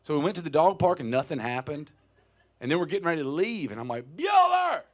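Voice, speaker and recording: A man's voice: on the high side, lively intonation, fast. A man in his thirties telling a wry, profane story onstage between songs at a small live music venue, into a stage vocal mic. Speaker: touring singer-songwriter telling a story on stage.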